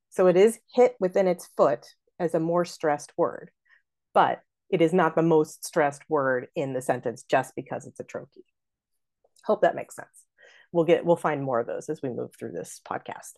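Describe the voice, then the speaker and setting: Woman with a low voice breaking down verse stress for a podcast, talks it through example by example. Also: normal speed, darkish tone. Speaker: podcast host and theater director. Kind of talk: teaching verse scansion.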